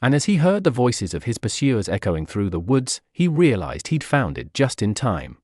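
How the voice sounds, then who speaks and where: A man narrating a fan-fiction audiobook in an expressive, dramatic way, raising his voice for the characters' shouts. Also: medium pitch, moderate pace, few pauses, dry recording, clean studio sound.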